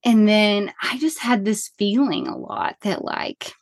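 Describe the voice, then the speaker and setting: A woman in her thirties, a counselor guest on a podcast, telling a personal story in a chatty, animated way full of fillers. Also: mid-range voice, unhurried, dry recording.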